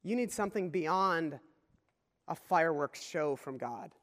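A man's voice: fairly high pitch, animated, a little slow, fairly bright tone, big-room sound. A man preaching a conversational sermon as pastor, often repeating key phrases.

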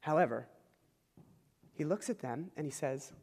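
A man's voice: a little high, lively intonation, a little slow, vocal fry, long pauses, darkish tone, husky. A man preaching a conversational sermon, informal and explanatory, checking in with his listeners and chuckling as he explains. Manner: informal, checks in with "okay?" asides. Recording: long hall reverb.

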